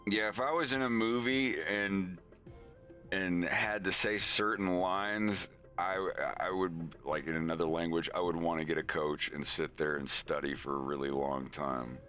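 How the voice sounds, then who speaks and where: A man with a deep, bright-edged voice talks slowly on a live stream. He rambles through his thoughts with many fillers and restarts. Soft music plays faintly behind him. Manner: rambling, filler-heavy, animated storytelling. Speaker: animation streamer. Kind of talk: casual live-stream chat.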